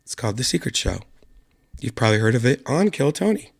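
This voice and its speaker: A man hosting his own online show, hoarse from a lost voice and talking quietly and softly to spare it. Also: mid-range voice, very animated, fast talker. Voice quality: gravelly. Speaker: podcast host. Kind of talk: casual solo stream chat.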